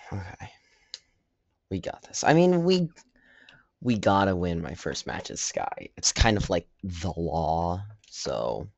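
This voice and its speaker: A man's voice: low-pitched, slow pace, vocal fry, pauses often, no echo. A man giving casual, self-deprecating commentary over his own online match, with joking asides. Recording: dull lo-fi dry sound.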